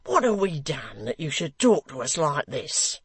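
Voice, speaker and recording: A man voicing a rough, impetuous young rioter who shouts loudly, with a gravelly edge. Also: a little high, big pitch swings, measured pace, full character voice. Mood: angry.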